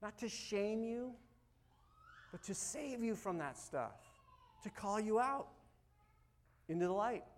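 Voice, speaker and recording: A man preaching a sermon as pastor, animated, swinging from loud urging to soft, quiet asides. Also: high voice, slow, pauses often.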